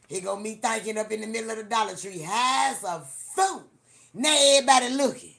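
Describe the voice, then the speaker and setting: Woman, livestream host, casual storytelling, profane, animated, repeats herself. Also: fairly high pitch, moderate pace. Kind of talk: casual storytelling to a live audience.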